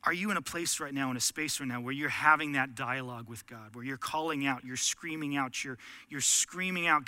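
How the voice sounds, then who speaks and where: A man's voice: medium pitch, brisk, few pauses, sharp tone, no echo. A man preaching a sermon, earnest, rising to impassioned pleading as he voices prayers. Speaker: pastor.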